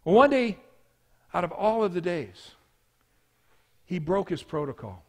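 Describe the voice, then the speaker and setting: A man preaching a sermon as pastor, telling a story with swings from hushed to loud. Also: high voice, very animated, unhurried.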